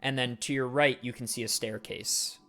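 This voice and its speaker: A man's voice: medium pitch, fairly even intonation, moderate pace, sharp tone. A man runs a tabletop game, describing the scene in a loose, casual way. He fills his talk with "like" and "uh" as he narrates. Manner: casual, filler-heavy description. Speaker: dungeon master.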